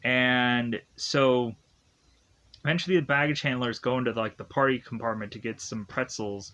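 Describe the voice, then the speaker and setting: A man casually recapping a movie plot, halting often and chuckling as he goes. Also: medium pitch, steady tone, sharp tone. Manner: halting, filler-heavy, chuckling. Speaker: film reviewer.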